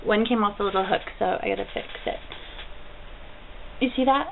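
A woman's voice: medium pitch, normal speed, creaky. A woman in her thirties vlogging at home, gushing in a bubbly, easily delighted way over a package of gifts. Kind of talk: casual mail haul vlog. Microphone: built-in camera mic. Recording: tinny lo-fi camera audio with faint hiss.

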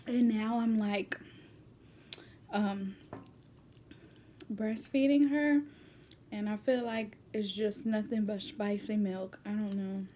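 A woman talks at an unhurried, slow pace as she eats on camera, her voice mellow and warm. She chats casually and now and then slips into a soft whisper. The sound comes from a built-in camera mic, with a faint hum of room noise behind her. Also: mid-range voice, fairly even intonation. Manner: chatty, at times drops to a soft whisper. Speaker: mukbang vlogger. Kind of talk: casual chat while eating.

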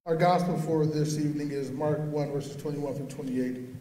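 A man leading worship as pastor, reading scripture aloud in a measured, formal way in a church. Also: on the high side, little pitch movement, dark tone. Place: church sanctuary. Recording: echoey church from far off.

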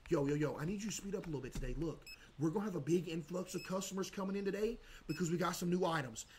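Man, high voice, playful streamer chatter, faint background hiss. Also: a bit bright. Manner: playful, switches to a sugary high shopkeeper voice for customers. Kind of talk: gaming livestream commentary.

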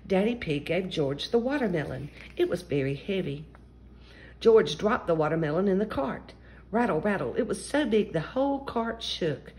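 Animated woman reading a kids' story. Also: mid-range voice, moderate pace. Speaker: storyteller host. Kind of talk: children's story read-aloud.

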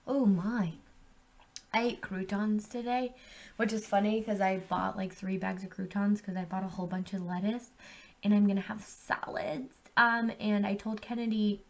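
A woman's voice: medium pitch, fairly even intonation, normal speed. A young woman at home chatting casually on camera, reviewing drinks, rambling and swearing freely. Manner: laid-back, swears freely, rambling with many ums. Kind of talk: casual profane vlog chat.

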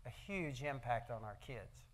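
A man's voice: mid-range voice, animated, a little slow. Folksy older man telling stories. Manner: folksy, with rhetorical questions to the audience. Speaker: speaker at an event. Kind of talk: motivational talk with personal stories. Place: event hall.

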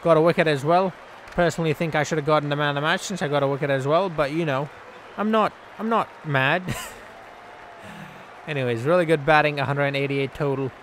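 A man giving casual, joking commentary over his own video game play, yelling at the players on screen. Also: fairly high pitch, brisk, some chatter behind, a little hiss or hum. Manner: excitable, jokey, scolds the game's players aloud. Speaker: gaming channel host.

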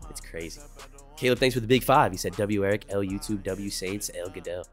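A man's voice: lowish voice, fairly quick, faint music behind. A young man in his twenties chatting on a livestream, laid-back and swearing a lot as he reacts to chat. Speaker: streamer.

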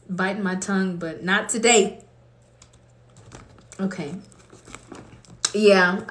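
A woman's voice: fairly low pitch, fairly bright tone. A woman from Colorado hosting a livestream, praying and chatting off the cuff, laughing often and reading viewer comments aloud. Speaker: livestream host. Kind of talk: prayer and casual livestream chat. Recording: roomy echo.

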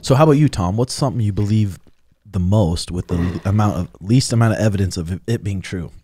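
A man hosting a casual podcast chat, asking questions in a jokey, animated way. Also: fairly low pitch, quick pace, breathy edge. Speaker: podcast host.

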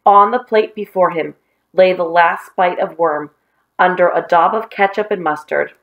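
A woman reading a children's novel aloud, giving the characters lively voices and adding chatty asides. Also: on the low side, moderate pace, lo-fi sound. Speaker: children's book reader.

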